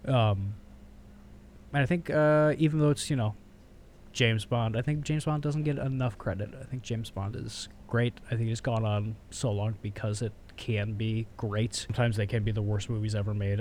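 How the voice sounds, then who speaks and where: A man's voice: on the low side, normal speed, slight background noise. A young man co-hosting a casual podcast chat, telling movie stories with lots of energy, acting out scenes and swearing casually. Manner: animated storyteller, acts out scenes in voices, swears casually. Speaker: podcast co-host.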